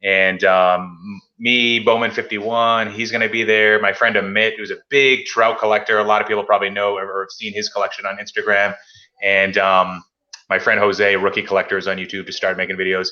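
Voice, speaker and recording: Bright-voiced man hosting a casual chat. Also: on the low side, flat delivery, moderate pace, highs cut off. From Massachusetts. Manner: chatty storyteller, acts out quoted phone calls. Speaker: podcast host.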